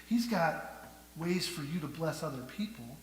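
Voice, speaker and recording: A male pastor preaching a sermon, asking the congregation rhetorical questions and moving between hushed and loud delivery. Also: a little high, animated, unhurried. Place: church sanctuary. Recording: echoey church hall with faint hum.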